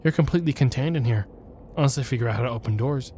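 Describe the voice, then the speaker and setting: A man streaming a video game, reading the game text aloud with deadpan, jokey asides. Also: medium pitch, racing, a little hiss or hum. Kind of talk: casual let's play commentary.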